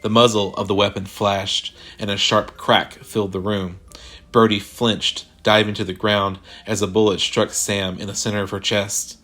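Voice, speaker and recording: A man reading a sci-fi horror short story aloud in a measured, deliberate way. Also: on the low side, little pitch movement, sharp tone. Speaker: narrator. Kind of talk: scripted horror story narration.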